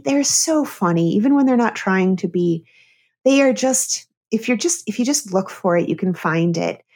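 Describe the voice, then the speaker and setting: A middle-aged woman who works as both a therapist and a comedian tells a candid personal story as a guest on an interview show. Her voice is medium-pitched and somewhat dark, and she speaks earnestly, breaking into laughter along the way.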